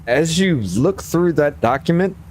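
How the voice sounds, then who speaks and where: A man's voice: a little high, expressive, unhurried, darkish tone, slight background noise. A tipsy man, hosting a casual conversation, arguing emphatically and swearing freely. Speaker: host.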